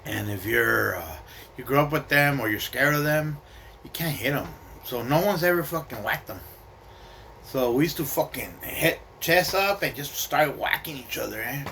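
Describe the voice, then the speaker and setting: A man's voice: medium pitch, animated, moderate pace, gravelly, bright, forceful tone, slight background noise. A man telling a personal story casually, streetwise and profane, with slang and Spanish words mixed in.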